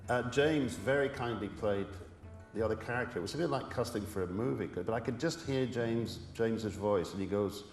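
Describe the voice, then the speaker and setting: An older man, a musician guest speaking haltingly with many restarts in a radio studio interview. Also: on the low side, echoey room, in a large hall. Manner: halting, many restarts, soft-spoken, sings with guitar. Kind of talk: relaxed interview with sung and played song snippets.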